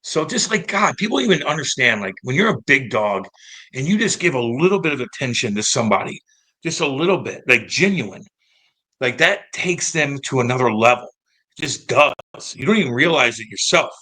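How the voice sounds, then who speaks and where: A man in his thirties from St. Louis, a former pro hockey player telling stories in a casual, animated and profane interview. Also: mid-range voice, moderate pace. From St. Louis, United States. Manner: animated, profane, acts out quoted voices.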